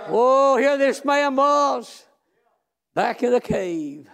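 A man preaching a fervent sermon in a strikingly high voice. He talks slowly in folksy, plain speech and drags out his words. He breaks often into shouts and long, drawn-out exclamations. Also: expressive, creaky, clear, resonant tone.

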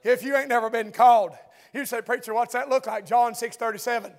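A middle-aged man preaching a sermon as pastor, fervent and building to shouts. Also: extremely high pitch, steady tone, brisk.

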